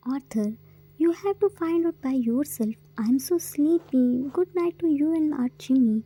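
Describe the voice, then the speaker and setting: A woman voicing a gentle, wise female figure who reassures calmly, in a story reading. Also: measured pace, low-quality recording. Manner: calm, reassuring, low-key.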